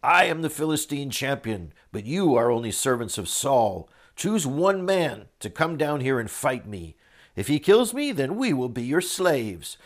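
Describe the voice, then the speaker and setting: A man reading as a boastful giant warrior, loud and taunting. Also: medium pitch, big pitch swings, unhurried, voice pushed up. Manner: loud, defiant challenge.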